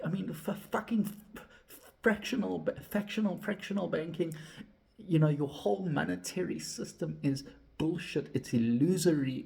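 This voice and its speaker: Gravelly man, ranting. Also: mellow. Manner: swears constantly, heated and ranting; drops to low, reflective tone. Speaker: vlogger. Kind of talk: candid personal talk to camera.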